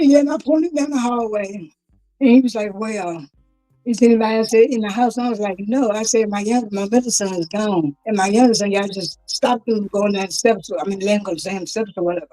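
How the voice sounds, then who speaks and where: Grieving woman, low mellow voice. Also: rough recording. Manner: plain spoken storytelling, acting out the police officers' and her own words. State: grieving, voice rising with distress. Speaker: guest, grieving mother. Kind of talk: personal testimony in an interview.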